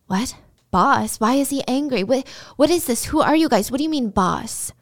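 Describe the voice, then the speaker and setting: A woman's voice: sits high, animated, no room sound, studio quality, pitched above the performer's own voice. A woman voicing a frightened young woman held captive, firing off panicked questions. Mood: bewildered. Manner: panicked, rapid-fire questions.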